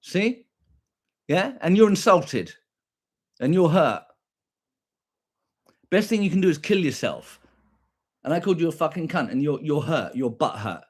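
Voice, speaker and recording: A man's voice: a little high, expressive, a little slow, long pauses, husky. A young British man with a combative, profane manner, ranting back at viewers on a stream and repeating his points.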